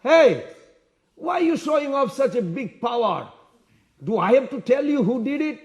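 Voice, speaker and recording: A man playing a shouting, defiant young prince. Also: fairly high pitch, very animated, fairly quick. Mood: scornful. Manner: shouting, challenging.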